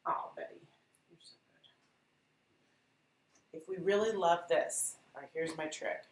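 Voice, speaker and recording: A woman's voice: sits low, measured pace, echoey room, a little hiss or hum, low-quality recording. A woman teaching a live painting class, chatty and encouraging as she talks to her viewers. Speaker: art instructor.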